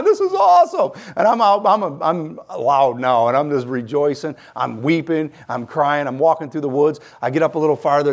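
Animated man preaching a testimony sermon. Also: medium pitch, creaky. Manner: animated storytelling, swings from quiet to loud. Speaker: guest preacher.

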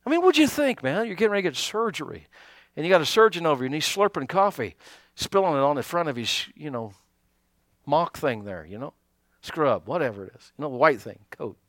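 A man pastor preaching a sermon, animated, calling out to his congregation and acting out little asides. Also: fairly high pitch, brisk, no echo, clean studio sound.

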